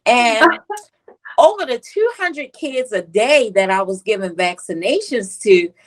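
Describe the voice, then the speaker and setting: East coast woman nurse chatting in an interview, kinda high voice, lively storytelling, does little kid voices. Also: normal speed, low-quality recording. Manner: animated storyteller, acts out children's voices. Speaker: pediatric nurse and author, guest.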